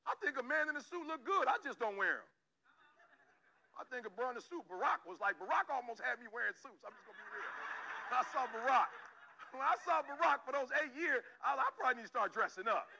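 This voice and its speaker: Motivational speaker, man from Detroit, very high and forceful, emphatic and repetitive with direct address. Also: expressive, quick pace, gravelly, low-quality recording. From Detroit, Michigan, USA. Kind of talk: motivational talk to an audience.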